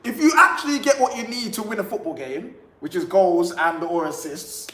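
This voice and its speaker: A man with a London accent co-hosting a football chat, with a high voice. He talks in loose street slang and often stumbles over his words. He sounds like he is in an echoey room with faint hiss. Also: lively intonation, moderate pace, sharp tone. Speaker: co-host. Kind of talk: casual chat.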